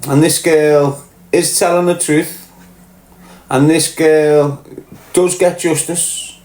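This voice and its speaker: A somewhat high, slightly mellow voice with little pitch movement belongs to a Liverpool-accented livestream host who speaks slowly. He reads chat in a blunt, swearing, casual rant, and the recording has roomy echo.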